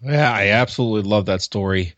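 A man hosting an interview, asking questions haltingly with many ums and uhs. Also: fairly low pitch, fairly bright tone, no echo, dull audio. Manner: halting, lots of um and uh. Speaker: interview host. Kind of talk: conversational interview.

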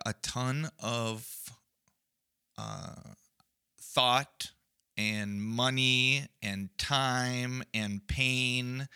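Slow, bright-voiced man. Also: mid-range voice, clear, resonant tone, no echo, clean studio sound. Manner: earnest, builds an analogy with many fillers and restarts. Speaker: podcast co-host. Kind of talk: casual faith discussion.

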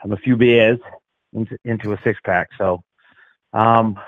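A man's voice: fairly low pitch, steady tone, measured pace, dry recording, phone-quality sound. A man with a Boston accent, calling in to a talk show, joking in a wry, self-mocking, loose way. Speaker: caller, lawn care business owner. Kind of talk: joking casual chat.

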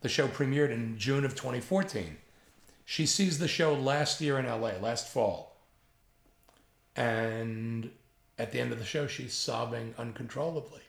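Older man, 60s, New York accent, gravelly voice, animated storyteller, roomy echo. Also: mid-range voice, unhurried. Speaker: guest, writer. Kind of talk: storytelling interview.

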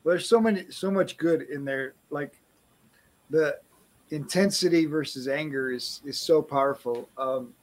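Man, host, fairly high voice, casual appreciative chat. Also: a little slow. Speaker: podcast host.

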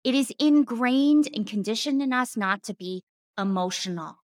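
A woman's voice: fairly high pitch, expressive, moderate pace, dry recording. A woman coach and former therapist giving a casual teaching talk, earnest, with emphatic repetitions and casual slang.

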